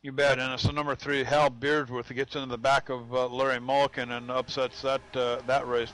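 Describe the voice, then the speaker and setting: A man's voice: mid-range voice, flat delivery, fairly quick, few pauses, a bit bright, low-quality recording. A man doing play-by-play commentary on a sim race, folksy and chatty, often repeating "I'll tell you what.".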